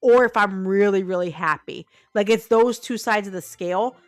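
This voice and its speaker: A woman's voice: medium pitch, normal speed, no room sound, studio quality, faint music behind. A woman streaming a game live, talking blunt and unfiltered to her chat and swearing freely.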